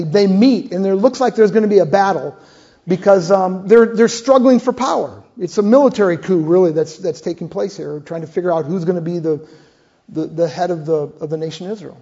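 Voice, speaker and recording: Older male preacher, animated storyteller; warm, husky tone, slightly dull recording. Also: sits high. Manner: animated retelling, acting out dialogue. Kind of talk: sermon storytelling. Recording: muffled lo-fi sound.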